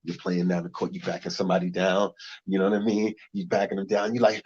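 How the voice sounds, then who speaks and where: Animated young man doing stand-up, lo-fi. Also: sits low, fast, slightly rough. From United States. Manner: animated, swings from loud bursts to muttered asides. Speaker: stand-up comedian. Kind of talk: stand-up comedy set.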